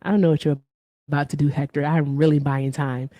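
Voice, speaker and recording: A woman's voice: low voice, flat delivery, fairly quick, no echo, lo-fi sound. A woman in her thirties hosting a casual livestream, playful and chatty, thanking donors. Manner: playful, chatty, reads donor shout-outs. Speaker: livestream host.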